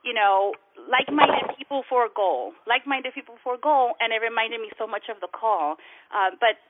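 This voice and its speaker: A woman's voice: on the high side, moderate pace. A woman calling in, sharing casually and rambling with many fillers. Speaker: caller. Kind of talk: casual sharing on a group call. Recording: dry tinny phone line.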